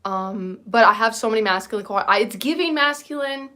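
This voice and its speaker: A woman's voice: on the high side, fairly quick, sharp tone. A woman in her thirties hosting a casual livestream chat, rambling and self-deprecating and often laughing. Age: 30s. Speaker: livestream host.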